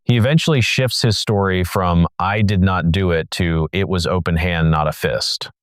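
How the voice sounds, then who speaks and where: A male narrator reading a scripted documentary voice-over in a measured, explanatory way. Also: low-pitched, clean tone, no echo, clean studio sound.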